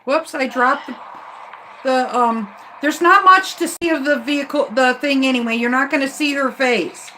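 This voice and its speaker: A woman's voice: high-pitched, moderate pace, bright, forceful tone, a little hiss or hum. A woman rideshare driver telling her viewers an upset story on a live stream vlog.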